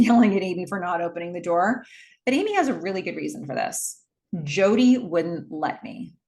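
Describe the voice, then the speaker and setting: A woman talking through a film recap in a loose, rambling way, with wry asides. Her voice sits at an ordinary middle pitch. She often restarts her sentences and fills pauses with "um" and "like". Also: gravelly. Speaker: movie recap host. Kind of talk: casual movie recap.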